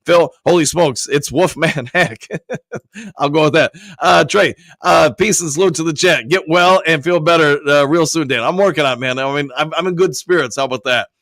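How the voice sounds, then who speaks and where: Hoarse man host with a cold. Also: on the high side, normal speed, a bit bright, no room sound, studio quality. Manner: casual, reads viewer comments aloud and answers each. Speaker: sports show host reading chat. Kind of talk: live-stream sports talk.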